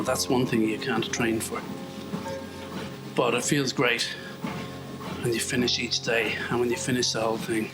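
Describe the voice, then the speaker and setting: A man's voice: mid-range voice, low-quality recording. A man from Ireland who talks in a chatty, self-mocking way and wanders off topic while he walks on a treadmill. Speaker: vlogger. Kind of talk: rambling treadmill monologue.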